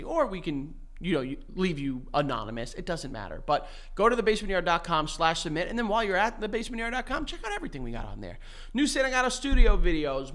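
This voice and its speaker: A man co-hosting a podcast in casual, joking, excitable chat. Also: fairly high pitch. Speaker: podcast co-host.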